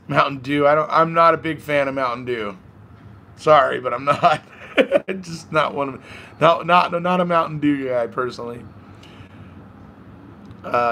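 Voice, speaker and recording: A hoarse man hosting a casual live stream, chatting, reading viewer comments aloud and laughing often. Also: fairly high pitch, pushed and bright, a little hiss or hum. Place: at home by a balcony.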